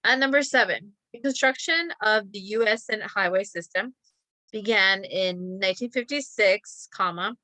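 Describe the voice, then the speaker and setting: A woman's voice: mid-range voice, normal speed, bright, forceful tone, no echo. A woman teacher reading practice sentences aloud and calling out each comma, with chatty asides. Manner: chatty asides about a company.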